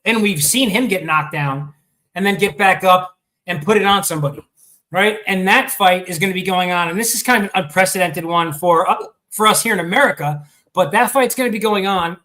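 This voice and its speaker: Sports show host, male, high pitched, bright tone, rambling casual delivery, fighting off hiccups. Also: a little fast, poor audio. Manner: chatty, hesitant with many ums and restarts. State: has the hiccups.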